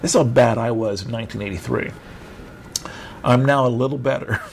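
A middle-aged man delivers an informal sermon over a video call in a gravelly voice of ordinary pitch. He rambles in a conversational way and pokes fun at himself. A faint hiss sits under the voice. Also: moderate pace, a little mellow. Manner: conversational and rambling, with self-mocking humor. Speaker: preacher.

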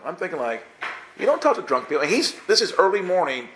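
A man telling a humorous personal story to a church group, animated and chuckling as he acts out his own thoughts. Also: a little high, fast, a crowd in the background.

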